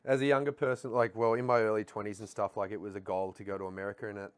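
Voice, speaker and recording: A man's voice: fairly low pitch, level tone, racing, clear, resonant tone. A man with an Australian accent, a podcast co-host in laid-back, reflective casual chat.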